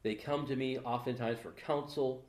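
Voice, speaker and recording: A man's voice: mid-range voice, fairly even intonation, moderate pace, a little mellow, roomy sound. A man co-hosting a podcast, chatting casually and joking, with many restarts. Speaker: podcast co-host. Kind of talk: casual chat.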